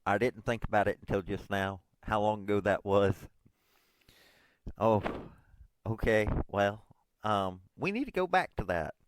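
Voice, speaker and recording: A man's voice: on the low side, measured pace, no room sound. A man in his forties, hosting his own podcast, rambles casually and self-deprecatingly, with lots of hesitant fillers. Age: 40s. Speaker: podcast host.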